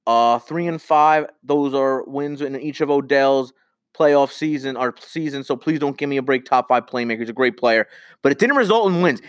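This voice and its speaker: A man's voice: mid-range voice, normal speed, no echo, clean studio sound. A young man hosting a sports podcast, ranting heatedly about his team, swearing and repeating himself. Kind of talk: solo sports rant.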